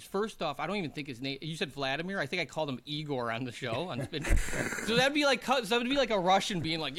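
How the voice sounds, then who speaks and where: A man's voice: a little high, brisk, few pauses. A man, a former hockey player and guest, telling rambling, laughing anecdotes in a casual chat. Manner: rambling, laughing, animated anecdotes with put-on quotes.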